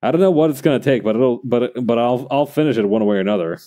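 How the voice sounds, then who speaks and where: A man's voice: medium pitch, quick pace, mellow. A man streaming while he crafts, chatting casually and thinking aloud to his viewers in a rambling way.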